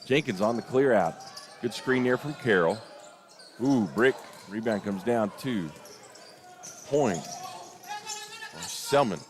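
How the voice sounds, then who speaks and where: A young man calling a basketball game play-by-play, openly partisan and quick to get worked up over big plays and missed calls. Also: lowish voice, background noise. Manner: excitable, rises sharply on big plays and disputed calls; openly partisan, admits getting emotional. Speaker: play-by-play announcer. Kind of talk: live basketball commentary.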